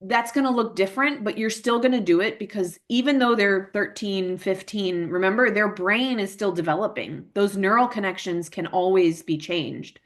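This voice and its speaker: A woman's voice: medium pitch, moderate pace, few pauses. A woman presenting a parent workshop in a casual, chatty way, full of fillers and tag questions, who acts out emotions in her examples.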